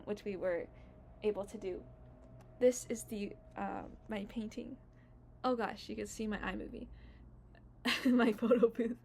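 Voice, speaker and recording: Gushing young woman vlogger, higher voice. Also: a little mellow. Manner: gushing and emotional, many fillers. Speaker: YouTuber. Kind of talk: casual vlog recap.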